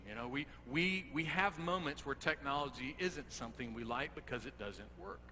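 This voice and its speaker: A young man preaching a sermon, lively and dramatic as he retells scripture aloud. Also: mid-range voice. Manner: animated, dramatic readings of scripture. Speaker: pastor. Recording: echoey hall with faint hum.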